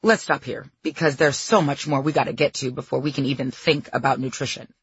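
A pushy female trainer and life coach, played by a woman reading her memoir, louder and higher than the narration. She snaps out pointed questions like a drill sergeant. The husky voice sits in a dry, slightly muffled recording. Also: steady tone, brisk, dry recording, exaggerated voice. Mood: insistent.

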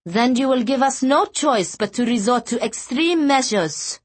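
A woman's voice: fairly high pitch, lively intonation, measured pace, breathy edge, no room sound, voice pushed up. In this storybook reading, a woman gives voice to a tall blonde escort who speaks with a thick Norwegian accent. Her voice sits well above the narrator's own, clipped and stiffly formal. She sounds dry and close, with no room around it. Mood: firm.

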